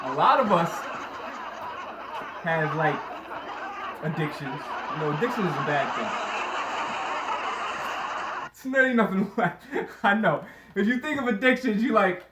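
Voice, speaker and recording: A man's voice: high voice, expressive, measured pace, long pauses. Male stand-up comic, chuckling, rambling fillers, echoey room, noisy recording. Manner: chuckles through his lines, rambling with many fillers. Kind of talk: stand-up comedy set.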